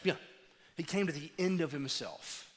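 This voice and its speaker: A man preaching a sermon as pastor, animated and acting out dialogue as he tells stories. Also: on the high side, moderate pace. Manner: animated, acts out dialogue in storytelling. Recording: long hall reverb.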